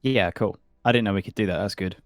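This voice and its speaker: A man with a fairly low voice, recorded dry and close, talking through his turn in a tabletop game. He hesitates, restarts and thinks out loud. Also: fast talker, no echo. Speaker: player. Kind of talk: casual game chat.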